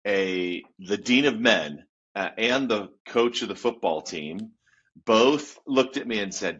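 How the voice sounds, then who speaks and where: A man in his fifties, a youth pastor, telling his story as an animated guest in a casual interview and laughing often. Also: lowish voice, slow, slightly rough. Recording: dull lo-fi sound.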